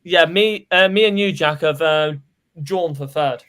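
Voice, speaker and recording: A man's voice: on the high side, fairly bright tone, clear, resonant tone. A man from England co-hosting a casual football fan stream, joking and chatting with fillers. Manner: jokey, quick banter with fillers. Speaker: co-host. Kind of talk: casual fan podcast chat.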